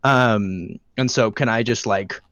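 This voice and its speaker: A man's voice: fairly low pitch, takes it slowly, fairly bright tone. A man playing a tabletop game, asking casual questions about the rules. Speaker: player.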